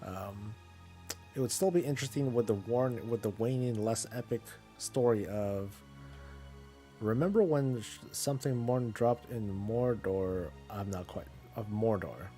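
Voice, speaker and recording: A man's voice: on the low side, unhurried, dark tone, soft background music. A man streaming a casual chat about games, rambling with many fillers and restarts.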